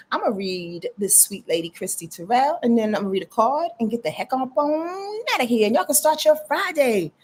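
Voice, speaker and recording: A woman's voice: high voice, a little mellow, husky. A woman astrologer giving casual live readings, talking straight to her viewers with lots of "y'all" and "you dig?".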